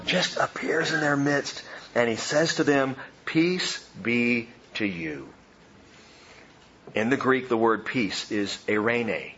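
Animated male preacher, dull recording. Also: medium pitch, a little slow, a little hiss or hum. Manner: animated, swings from loud emphasis to soft hushed tones. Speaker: pastor. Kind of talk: sermon.

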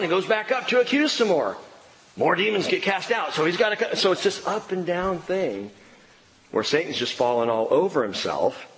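A man preaching an expository sermon, emphatic and animated, swinging between excited and low earnest tones. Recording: long reverb of a large hall.

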